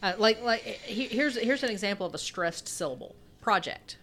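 A woman's voice: on the high side, animated, brisk, fairly bright tone. A young adult woman co-hosting a podcast, rambling through a casual chat, laughing often and restarting her sentences. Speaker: podcast co-host.

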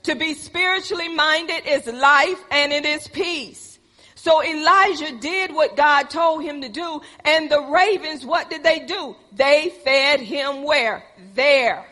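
Woman preacher, high-pitched and bright, asks her congregation questions and answers them, rises to shouts, hall reverb. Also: slow. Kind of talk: sermon.

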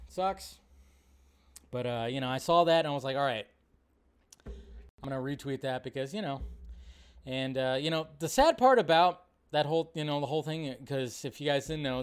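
A man hosting a live stream in casual commentary, animated, swearing freely and mocking others in exaggerated voices. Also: mid-range voice, clear, resonant tone. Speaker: show host.

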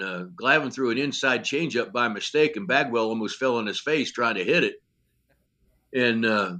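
Bright-voiced older man telling stories. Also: medium pitch. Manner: animated storyteller who acts out dialogue, with many "you know" fillers; blunt and salty. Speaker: former pitching coach, guest. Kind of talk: storytelling in a podcast interview.

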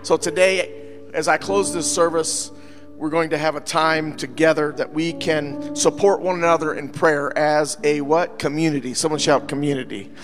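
A man pastor preaching a lively sermon to his congregation, joking with them as he goes. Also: fairly high pitch, moderate pace. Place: church sanctuary. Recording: church hall reverb with faint music.

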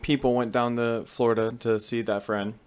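A man co-hosting a podcast, telling stories in casual chat with halting restarts. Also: medium pitch, level tone, darkish tone, smooth. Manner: halting, repeats words and restarts. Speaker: podcast co-host.

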